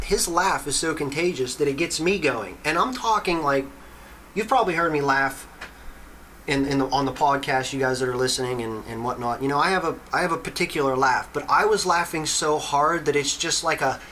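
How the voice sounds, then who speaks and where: A man in his thirties, a podcast host, telling a long story in an animated, casual way and swearing freely. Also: on the high side, slight background noise, low-quality recording.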